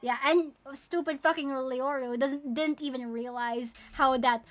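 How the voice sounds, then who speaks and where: A young woman streamer chatting casually and profanely, breaking into excited squeals. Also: high-pitched, measured pace. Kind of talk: casual live-stream chat about her characters.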